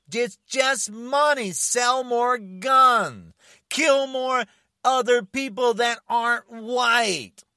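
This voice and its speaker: Man, angry confrontational rant, swooping lively pitch, dry close sound. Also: no echo. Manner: shouting, confrontational, challenging listeners.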